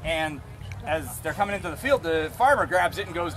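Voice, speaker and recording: A man's voice: on the high side, lively intonation, a little fast, a bit bright, slight background noise. A man leading a balloon ceremony, telling a rambling, profane, joking story to a group outdoors. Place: outdoors among a gathered crowd. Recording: outdoor crowd chatter behind.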